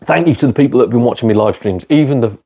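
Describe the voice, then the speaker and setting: A man's voice: mid-range voice, lively intonation, racing, warm tone. A British man hosting a casual gaming live stream, rambling and joking with heavy swearing. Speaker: retro games streamer.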